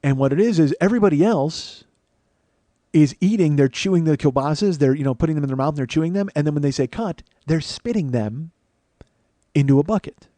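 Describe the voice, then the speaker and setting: With a fairly high, warm voice, a male comedian delivers an animated solo monologue on his podcast at a fairly quick pace. It's a long comic story, rambling, profane, and self-deprecating, recorded with no echo.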